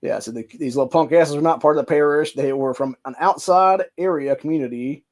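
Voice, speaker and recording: Man, Ohio accent, podcast host, news reading, heated profane commentary, slightly high voice. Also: fairly quick, few pauses, a little mellow. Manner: heated, profane ranting between stretches of reading.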